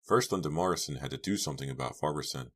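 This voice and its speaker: Man, audiobook narrator, horror novel, steady measured reading, very deep voice. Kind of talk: scripted narration.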